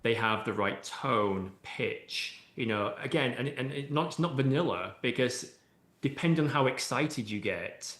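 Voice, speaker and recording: A man's voice: medium pitch, lively intonation, measured pace, fairly bright tone. A man, an AI expert guest on an interview podcast, explaining at length in a conversational way with many "you know"s and "right?"s. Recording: roomy echoey room sound.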